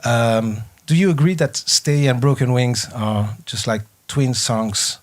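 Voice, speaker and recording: A man's voice: medium pitch, takes it slowly. A man hosting a casual radio interview, joking and laughing easily as he switches between English and French. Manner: jovial, laughs often.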